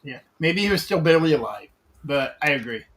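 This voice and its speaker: A man's voice: on the high side, animated, brisk, fairly bright tone. A man in a casual film podcast chat, agreeable and easygoing.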